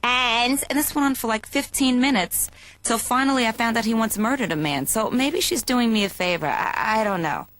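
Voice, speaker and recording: A woman's voice: fairly high pitch, moderate pace, fairly bright tone, natural voice. A woman voicing a neurotic young female therapy patient in a cartoon, rambling through whiny comic complaints. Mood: venting.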